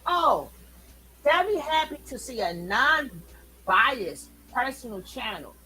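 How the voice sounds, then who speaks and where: High, bright-voiced woman ranting angrily. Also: big pitch swings, takes it slowly, slight background noise, poor audio. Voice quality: loud, profane, ranting. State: angry, worked up. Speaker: commentary channel host. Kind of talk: heated reaction commentary.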